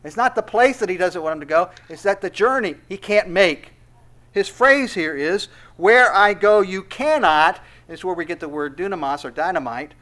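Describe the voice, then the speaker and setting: A middle-aged man preaching an expository sermon, rising to loud emphatic peaks and falling to soft asides. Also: high-pitched, lively intonation, fairly quick. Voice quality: laughs softly between points. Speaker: pastor.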